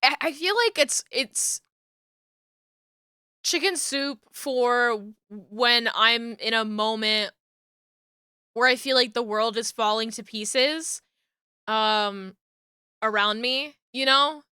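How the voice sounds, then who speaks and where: A woman's voice: fairly high pitch, takes it slowly, pauses often, bright, forceful tone, clear, resonant tone, no echo, studio quality. A woman streamer chatting casually while she works, laughing often and swearing lightly. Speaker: streamer and 3D rigger. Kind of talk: casual live-stream chat while working.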